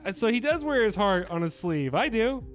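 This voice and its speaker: A man's voice: high voice, big pitch swings, normal speed, faint music behind. Rambling, swearing man chatting to viewers. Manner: profane, rambling, hesitant with filler words. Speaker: YouTuber taking an online quiz. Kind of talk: casual chat to viewers, reading quiz items aloud.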